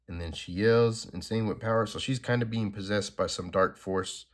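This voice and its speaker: A man's voice: fairly low pitch, normal speed, hardly any pauses. A man hosting a comic-reading channel, commenting casually with unsure, laid-back asides. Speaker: comic book reader, channel host.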